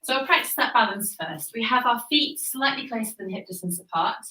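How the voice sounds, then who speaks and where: A woman leading a Pilates workout, cueing each move calmly and encouragingly, a little out of breath as she exercises along. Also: fairly high pitch, fairly quick, far from the mic. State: slightly out of breath. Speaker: Pilates instructor. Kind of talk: guided workout instruction. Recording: echoey room, voice off-mic.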